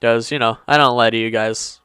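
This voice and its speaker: A man's voice: medium pitch, fairly even intonation, fairly quick, pushed and bright, clear, resonant tone, dry recording. A man giving casual let's-play commentary to his viewers, chatty and apologetic, stumbling over his words. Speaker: gaming YouTuber.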